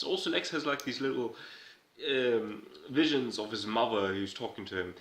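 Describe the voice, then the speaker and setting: A man's voice: mid-range voice, animated, normal speed, fairly bright tone. A man giving a casual, irreverent recap, rambling and swearing as he goes. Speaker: video host recapping a TV episode. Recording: roomy echo.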